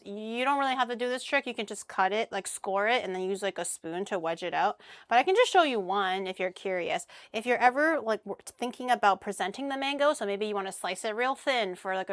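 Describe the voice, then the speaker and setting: Young woman streamer, loose and crude, mid-pitch, dry close-mic sound. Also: a bit bright, dry recording. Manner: chatty, crude jokes, swears casually. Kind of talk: casual cooking stream chat.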